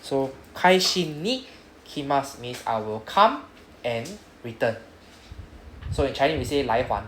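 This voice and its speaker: A man's voice: mid-range voice, expressive, moderate pace, fairly bright tone. A man with a Singaporean English accent teaching a Japanese class, who ends nearly every sentence with "right?". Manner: says "right?" after nearly every sentence, coaching students. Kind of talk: classroom lesson explaining grammar. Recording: echoey classroom with background noise.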